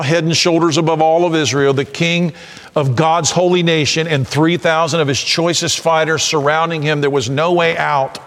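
Impassioned preacher man in echoing hall. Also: on the high side. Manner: impassioned preaching that swells to shouts. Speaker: pastor. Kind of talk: sermon. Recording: long reverb of a church hall.

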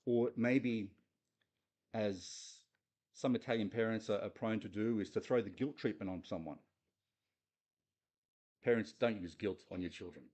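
A man's voice: fairly low pitch, measured pace, long pauses, a little mellow, slightly rough. A man preaching a conversational sermon, earnest and putting questions straight to his listeners. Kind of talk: conversational sermon on a Bible passage.

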